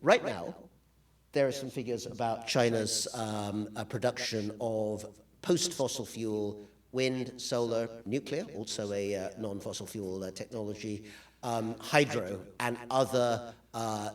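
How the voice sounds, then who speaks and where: A man's voice: fairly low pitch, measured pace, recorded from a distance. A man giving a public lecture with slides, talking with dry, wry humor and frequent "uh"s. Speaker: guest lecturer.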